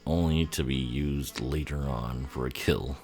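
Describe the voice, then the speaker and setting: A man's voice: rumbling low, fairly even intonation, a little slow, a little mellow, faint music behind. A man giving casual, profane, sarcastic commentary on a film, often laughing as he talks.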